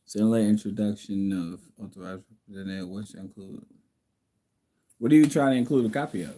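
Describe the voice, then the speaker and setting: A man speaks in a low, mellow voice on a casual livestream, recorded at home. He reads out viewer comments and answers them bluntly, in a preachy tone. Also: a little fast.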